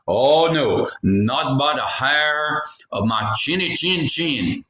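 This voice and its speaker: Brief: little pigs, frightened and shrill, put on by a man, twang, roomy echo. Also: animated, takes it slowly, sharp tone, highs cut off, heavily acted. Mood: defiant.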